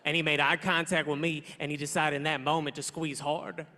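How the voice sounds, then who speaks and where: Stand-up comic, man in his thirties, high and forceful voice, punchy delivery, big hall reverb. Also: little pitch movement, fairly quick. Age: 30s. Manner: punchy, loud storytelling with acted-out quotes. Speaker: stand-up comedian. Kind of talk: stand-up routine. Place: large theater stage.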